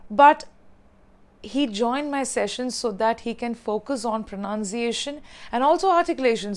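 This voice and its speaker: A woman with an Indian English accent, an English communication coach patiently telling a lesson story about a learner. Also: a little high. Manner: explains patiently, recounts learner's words in quotes.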